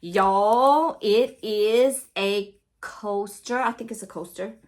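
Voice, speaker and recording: Slow-talking woman unboxing gifts. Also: mid-range voice. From Louisiana, US. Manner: chatty, gushing, talks straight to viewers with lots of "y'all". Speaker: craft and book channel host. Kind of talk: casual unboxing vlog.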